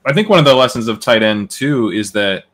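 Analyst guest, man, bright tone, explanatory, mid pitch. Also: animated, a little fast. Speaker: guest fantasy football analyst. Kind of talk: casual podcast chat, live draft.

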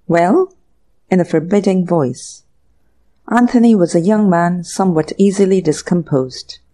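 An audiobook narrator reading a classic mystery story in measured, even scripted narration. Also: mid-range voice.

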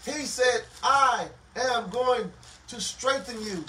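Impassioned male pastor preaching, high voice, heard from some way off the mic. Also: slow. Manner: impassioned preaching, swelling loud on scripture and sinking low. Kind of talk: sermon at a Bible study. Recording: echoey room, mic at a distance, faint noise.

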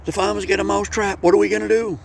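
Frantic little mouse guy in a barnyard story, voice jumps way up high, dude telling it. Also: little pitch movement, fast, vocal fry, a little hiss or hum. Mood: panicked pleading. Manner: panicky, pleading.

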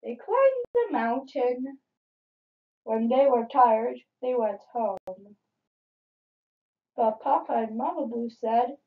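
A woman reading children's picture books aloud in an expressive, dramatic way, in a dull lo-fi recording. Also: fairly high pitch, slow. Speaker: storybook reader.

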